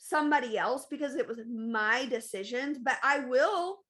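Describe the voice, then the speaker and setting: A woman's voice: high voice, moderate pace, bright, forceful tone. A woman hosting a podcast, talking candidly and emphatically in a casual confessional monologue, often repeating phrases for stress. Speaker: podcast host.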